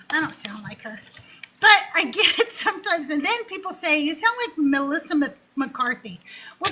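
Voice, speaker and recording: A woman's voice: high-pitched, sharp tone, a little hiss or hum, rough recording. A woman hosting a call-in talk show, chatting casually and bluntly, laughing often. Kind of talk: casual chat.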